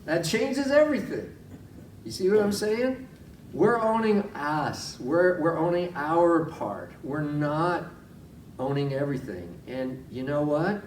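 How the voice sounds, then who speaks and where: A male chaplain teaches in a folksy, storytelling way, often turning to his listeners with questions. His voice is slightly high for a man and swings widely in pitch. He sounds set back from the microphone in an echoing space, with a faint background hum. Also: expressive, slow, distant mic. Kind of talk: sermon-style teaching talk. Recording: roomy echo, voice from off-mic.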